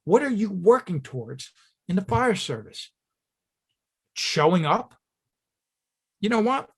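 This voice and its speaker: A man with a fairly high speaking voice delivers a motivational keynote speech. He talks emphatically and directly to his listeners. He often stops to ask them rhetorical questions. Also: big pitch swings, takes it slowly, husky. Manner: tells stories and acts out short quotes. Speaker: keynote speaker at a fire service training school.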